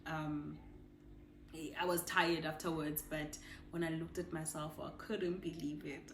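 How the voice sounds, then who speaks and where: A woman's voice: low-pitched, level tone, a little slow, a bit bright, echoey room, a little hiss or hum. A woman chatting in a casual personal vlog, emotional and full of fillers and restarts. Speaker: vlogger.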